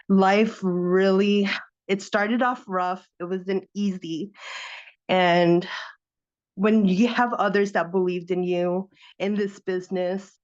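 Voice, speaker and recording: A woman's voice: medium pitch, dull audio. Woman telling an emotional personal story. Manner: animated, acts out her own past reactions in quoted bursts. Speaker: guest sharing her business story.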